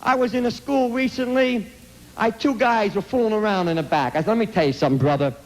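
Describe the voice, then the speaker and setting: Middle-aged man, blunt, emphatic speaker; high-pitched, acts out the people in his stories. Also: quick pace, darkish tone, rough recording. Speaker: anti-drug speaker. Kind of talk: impassioned storytelling speech.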